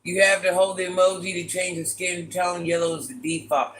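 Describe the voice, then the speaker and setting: Woman, raspy deep voice, forceful and bright tone, chatty livestream host, teasing and direct. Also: little pitch movement, brisk, hardly any pauses, a little hiss or hum. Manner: chatty, teasing, talks straight to viewers. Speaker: livestream host reading chat. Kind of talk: casual live chat with viewers.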